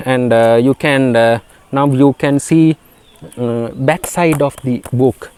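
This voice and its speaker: A Sri Lankan man whose first language is Sinhala, teaching a beginner spoken English lesson in a halting way, with many fillers and repeated words. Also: mid-range voice, fairly even intonation, darkish tone, clean tone.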